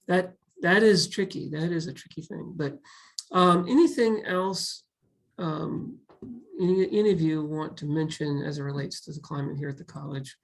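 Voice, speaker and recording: A man hosting a college webinar who talks in a reflective way, with many pauses and restarts. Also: a little high, poor audio. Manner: reflective, speaks in halting restarts. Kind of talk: casual webinar talk.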